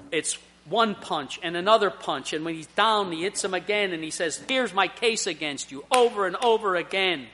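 High, bright-voiced preacher man. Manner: earnest, personal storytelling with emphatic swells. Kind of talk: sermon.

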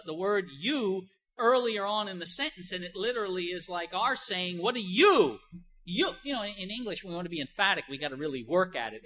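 A man preaching a sermon as pastor, emphatic, with many rhetorical questions and "you know" fillers, moving between soft and loud emphasis. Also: high voice, low-quality recording.

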